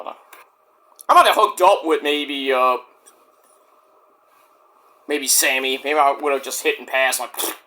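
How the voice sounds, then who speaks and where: A man's voice: high voice, pushed and bright. A man reviewing a wrestling show in a casual, rambling rant, crude and profane, and full of jokes.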